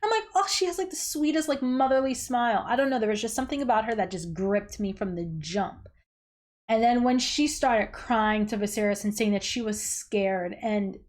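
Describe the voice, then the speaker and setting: A woman hosting a reaction video, blunt and animated, swearing freely and exclaiming as she chats. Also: on the high side, normal speed. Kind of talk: casual reaction commentary.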